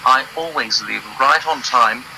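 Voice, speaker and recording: A man's voice: medium pitch, unhurried, creaky, pushed and bright, slight background noise, full character voice, rough recording. An actor playing a haughty, pompous male express engine in a cartoon series, speaking in clipped tones.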